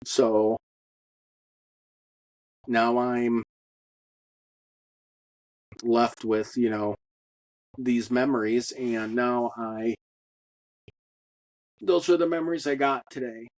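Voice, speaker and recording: A man giving a personal testimony in a halting monologue, with many fillers and blunt profanity. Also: mid-range voice, steady tone, darkish tone, dry recording, poor audio. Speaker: storyteller.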